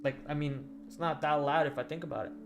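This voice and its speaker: A man hosting a stock trading livestream, chatting casually to his viewers and slowly dictating notes on trades as he types. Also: on the high side, fairly even intonation, vocal fry. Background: faint background music.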